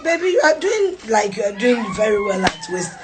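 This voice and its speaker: A woman's voice: on the high side, very animated, a little fast, noisy background. Ghanaian woman mock-crying with her kids. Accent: Ghanaian English. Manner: mock-crying, laughing, playful teasing. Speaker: mother vlogging with her sons. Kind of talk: casual family vlog. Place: car.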